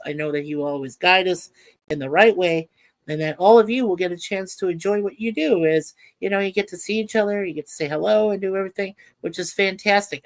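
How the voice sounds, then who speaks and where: A woman hosting a casual livestream, speaking earnestly and warmly to her viewers and reading out their comments. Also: lowish voice. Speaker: livestream host.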